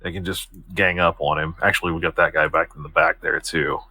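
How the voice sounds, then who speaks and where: A man's voice: low-pitched, steady tone, fairly quick, bright, forceful tone, slight background noise. A man playing in a tabletop role-playing game, talking in a loose, chatty way and laughing along. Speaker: player.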